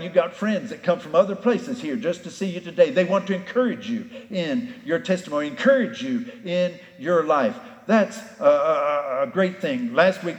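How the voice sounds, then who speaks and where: A man preaching a sermon as pastor, in a folksy storytelling manner that acts out the characters. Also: high voice. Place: church sanctuary. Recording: echoey hall.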